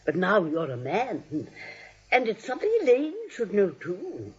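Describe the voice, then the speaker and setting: A doting old aunt coaxes in a very breathy, husky voice that rises and falls with feeling. The recording is muffled, like a vintage radio broadcast. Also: female voice, mid-range voice, very animated, unhurried, darkish tone, exaggerated voice. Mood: fond coaxing. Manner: fond and coaxing. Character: kindly elderly spinster aunt, fussy and affectionate.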